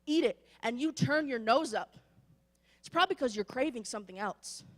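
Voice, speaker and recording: Woman, preaching sermon, animated, high voice, reverberant church. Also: moderate pace. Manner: animated storytelling, acts out voices. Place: church sanctuary.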